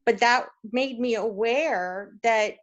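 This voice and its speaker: A woman from Canada talks in a relaxed group video call. Her voice sits a bit high and she tells stories with lively energy, acting out the voices of people she quotes. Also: slow, muffled recording. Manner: animated storyteller, acts out quotes. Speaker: discussion participant. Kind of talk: casual group video chat.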